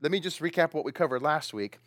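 Animated preacher man, lively questioning. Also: on the high side, fast talker, dry recording, clean studio sound. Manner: lively, questioning the congregation, laughing often. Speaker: pastor. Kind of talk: sermon.

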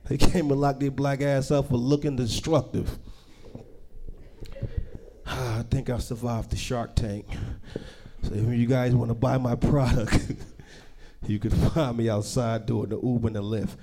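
A young man doing a stand-up comedy set, telling stories loudly and acting out the characters he describes. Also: medium pitch, a little slow, long pauses. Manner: loud animated storytelling, acting out characters.

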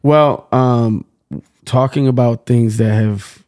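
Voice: mid-range voice, steady tone, takes it slowly, darkish tone. An interviewer asking questions in a casual chat and backing the guest with short affirmations. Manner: supportive, many short affirmations.

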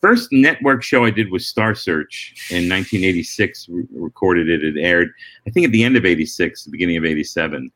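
A middle-aged man, a comedian, answering interview questions in relaxed storytelling with frequent restarts and asides. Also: deep voice, brisk. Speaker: comedian and former talk-show warm-up act.

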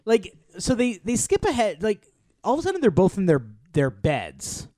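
A man co-hosting a podcast in casual chat, animated and quick to laugh, acting out movie lines. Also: high voice, dry recording, studio quality. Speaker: podcast co-host.

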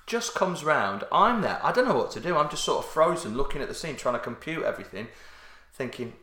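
A man in casual chat, telling an anecdote to a friend and tossing in quick questions. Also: on the high side, very animated, bright, forceful tone, reverberant. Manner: chatty, asks quick questions, uses 'mate'.

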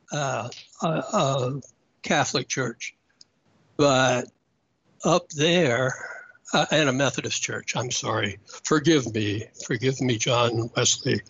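A man's voice: mid-range voice, fairly bright tone. Rambling man. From Georgia, US South. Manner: rambling, hesitant, with frequent pauses and dry asides. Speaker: interview guest, researcher. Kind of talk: conversational storytelling. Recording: dull, slightly muffled sound with faint noise.

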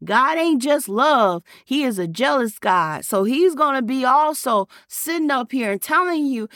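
A woman's voice: high-pitched, animated, a little slow, a bit bright, no room sound, studio quality. A woman pastor and podcaster preaching an emphatic, repetitive sermon and reading scripture aloud.

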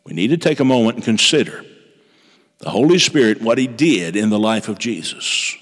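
A man preaching a sermon, telling a story with dramatic shifts in pitch and pace. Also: lively intonation, moderate pace, long reverb tail.

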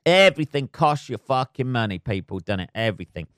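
A man's voice: medium pitch, animated, a little fast, fairly bright tone, smooth, no room sound, clean studio sound. Rambling, sweary man. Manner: swears constantly, loose and rambling. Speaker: podcast host and comedian. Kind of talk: rambling solo podcast chat.

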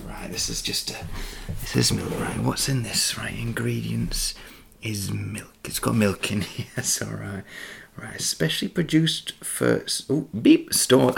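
Gravelly whispering man making a drink. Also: lowish voice, background noise. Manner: soft whispering, chatty and giggly. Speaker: ASMR creator. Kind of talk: whispered ASMR cooking demo. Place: home kitchen. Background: cutlery and dish clatter.

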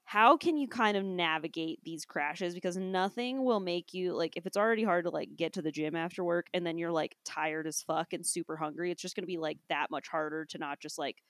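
Casting: young woman, lower voice, animated sweary coach, heavy "like" habit, dry mic. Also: a little fast, few pauses, dry recording. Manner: animated, swears casually, lots of "like". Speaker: podcast co-host, coach. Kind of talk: casual chat.

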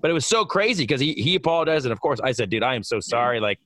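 A man's voice: medium pitch, sing-song, racing, bright, forceful tone, no echo, clean studio sound. A man telling a rambling story in casual chat, full of fillers and swearing. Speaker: radio personality.

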